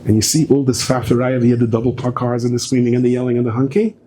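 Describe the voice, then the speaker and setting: Animated rabbi telling stories from the pulpit. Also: male voice, quick pace, a little hiss or hum. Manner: animated storyteller, swinging from soft asides to high excited outbursts. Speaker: rabbi giving a guest talk. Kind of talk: storytelling sermon. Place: synagogue hall.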